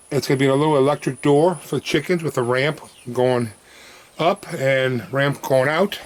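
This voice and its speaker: A man giving a relaxed, chatty walk-through of his farm, talking fondly to his chickens as he feeds them. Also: medium pitch, a little hiss or hum. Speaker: homesteader showing his farm. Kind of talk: casual walk-through vlog. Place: outdoors on a farm, in and around a chicken coop. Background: chickens clucking and a rooster.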